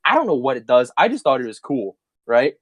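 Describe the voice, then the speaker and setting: A young man co-hosting a podcast, swapping childhood stories with a friend. His pitch swings widely as he talks, and he sounds animated and profane, laughing as he goes. The sound is dry and close. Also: brisk, no echo. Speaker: podcast co-host. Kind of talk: casual storytelling chat.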